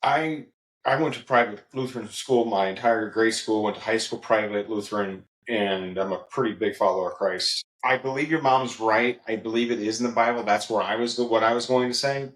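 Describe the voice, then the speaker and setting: A man hosting a podcast, chiming in bluntly with quick remarks in casual chat. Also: on the low side, fairly bright tone. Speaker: podcast host. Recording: roomy echo.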